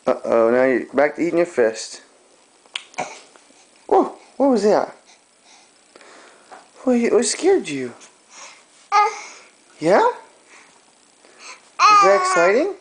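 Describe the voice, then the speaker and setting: A man's voice: a little high, wildly swooping pitch, slow, long pauses, a little mellow, a little hiss or hum. Sing-song father baby-talking. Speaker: father filming his baby. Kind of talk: home video baby talk.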